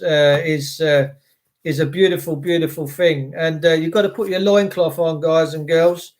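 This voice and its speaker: An English man ranting in a monologue, swearing and firing repeated rhetorical questions in an indignant tone. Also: sits high. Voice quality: coarse, sweary. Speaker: commentator.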